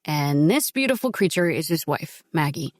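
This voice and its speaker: A woman's voice: sits low, animated, moderate pace, no echo, pitched below the performer's own voice. An easygoing, friendly man making introductions and offering help, as a woman narrator reads him. She keeps close to her own voice. The storybook recording is close and dry.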